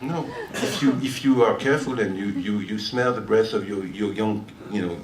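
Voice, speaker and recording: An older Frenchman with a French accent, his voice on the low side and at normal speed, tells a long, wandering story between songs as a guitarist on stage. He's chatty and laughs often as he talks to a live audience in a listening hall. The recording sounds distant and roomy, with faint noise and some chatter in the background.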